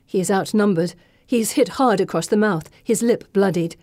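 A woman reading a first-person audiobook narration with an expressive, dramatic delivery. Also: mid-range voice, moderate pace, no echo, clean studio sound.

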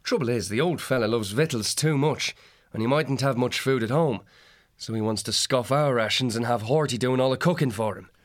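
Man voicing an otter warrior, storybook, gruff, shrewd, plainspoken rough dialect, slightly raised voice. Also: mid-range voice, fairly quick, voice pushed up, natural voice.

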